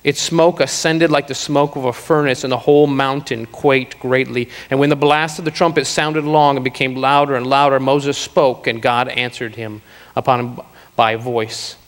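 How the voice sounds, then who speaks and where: A man preaching a sermon to a congregation, slowing down to stress key lines. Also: medium pitch, steady tone. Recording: long reverb of a hall.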